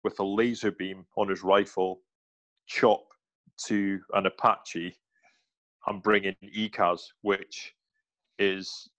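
A man, a former soldier, telling animated anecdotes in a casual interview, slipping into quoted voices and restarting his sentences. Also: low voice, takes it slowly, pauses often, dry recording.

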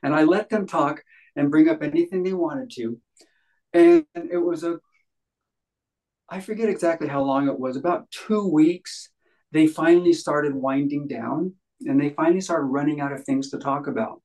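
A man's voice: on the high side, expressive, moderate pace, a little mellow, low-quality recording. A man telling a long anecdote in a casual interview, rambling with many fillers and acting out the voices of others. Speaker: guest, healing practitioner.

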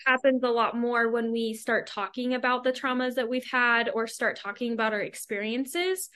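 A woman's voice: on the high side, fairly bright tone. A woman hosting a casual podcast conversation, a mother who talks chattily with lots of fillers and frequent laughs. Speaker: podcast host; mother of a young child.

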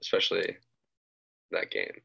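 A man's voice: normal speed, pushed and bright. A laid-back man chatting casually as a podcast co-host, laughing along and often trailing off. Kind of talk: casual chat. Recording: dull, muffled mic.

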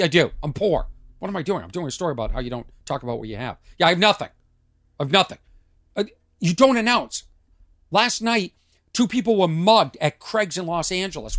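A man's voice: on the high side, a bit bright, no room sound, studio quality. A man hosting a podcast, ranting in a casual monologue from a trailer outside his home. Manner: ranting, rhetorical questions. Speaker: podcast host and comedian.

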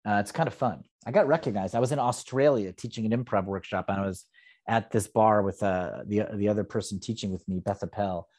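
A man's voice: lowish voice, a little fast, darkish tone. A man who teaches improv, chatting casually as a podcast guest, rambling and self-deprecating with lots of fillers. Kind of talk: casual interview chat.

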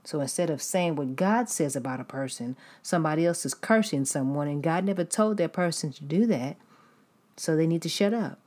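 A woman's voice: low voice, lively intonation, fairly quick, darkish tone. A woman preaching bluntly and emphatically, repeating her point. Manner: blunt, emphatic, repetitive, laughs often.

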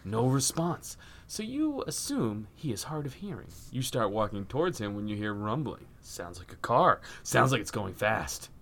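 A man's voice: medium pitch, sing-song, moderate pace, vocal fry. A man co-hosting a podcast, telling crude improvised stories in playful, profane banter. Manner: playful, swoops into loud silly voices; profane, joking. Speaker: podcast co-host.

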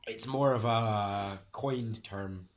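A young man in casual conversation, explaining at length with frequent restarts and pauses to find the right word. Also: fairly low pitch, heavy background noise.

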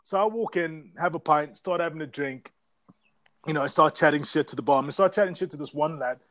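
A man's voice: fairly high pitch, brisk, a bit bright, no echo. Rambling man, dry mic. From South Africa. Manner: rambling, profane storytelling. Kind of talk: casual chat.

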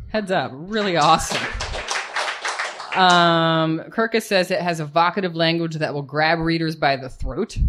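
A woman's voice: sits low, noisy background. A woman hosting a live reading in a pub carriage house, introducing an author in a casual, enthusiastic way with some swearing. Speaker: reading series host.

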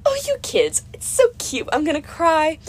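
A woman's voice: sits high, huge pitch swings, moderate pace, voice pushed up. A woman voicing a vain, gushing goddess of love in an audiobook reading, in a dramatic, doting manner. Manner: breathy, swooning, dramatic and doting.

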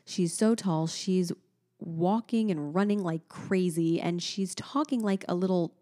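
A woman in her thirties co-hosting a casual chat, telling stories in an animated way and often trailing off to restart. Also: lowish voice, measured pace. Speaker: podcast co-host.

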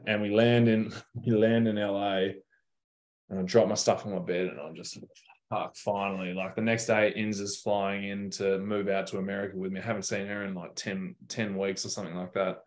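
A man's voice: lowish voice, level tone, a little fast, a little mellow. A young Australian man telling stories in a casual interview, laid-back and slangy with plenty of swearing. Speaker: guest basketball player.

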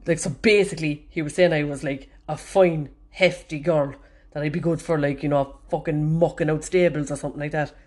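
A woman's voice: deep voice, steady tone, fairly quick, mellow. A woman from Ireland with a Cork accent, hosting a podcast and telling stories in a chatty, self-mocking way that is full of swearing. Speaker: podcast host. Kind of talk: casual storytelling monologue.

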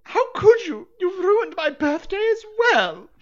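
A woman's voice: high voice, very animated, unhurried, gravelly, highs cut off, voice pushed up, exaggerated voice. A woman voicing a spoiled young princess who wails and screeches in tears. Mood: shrill tearful. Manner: screeching, tearful, indignant.

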